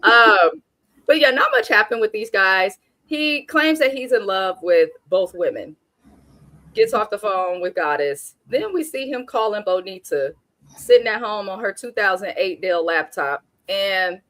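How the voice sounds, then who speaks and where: A woman's voice: mid-range voice, animated, unhurried, sharp tone, dry recording. Blunt, sassy woman from Oakland reviewing TV. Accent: African American Vernacular English speaker from Oakland. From Oakland, California. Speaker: reality TV review host. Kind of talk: casual recap commentary.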